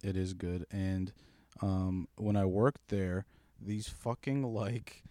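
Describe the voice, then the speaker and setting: A young man with a fairly low voice swears casually and gets loud and animated when a story takes off. He sounds close to the mic in a dry, dead room. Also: slow, no room sound. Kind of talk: casual chat.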